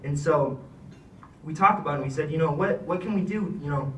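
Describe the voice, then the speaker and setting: A young man speaks earnestly at a slightly high pitch, rambling through thanks with plenty of fillers. He stands away from the mic in a roomy, echoing hall, with faint ambience behind him. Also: fairly quick, slight background noise. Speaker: retiring wrestler giving a thank-you speech. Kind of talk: heartfelt speech. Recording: echoey room, speaker far from mic.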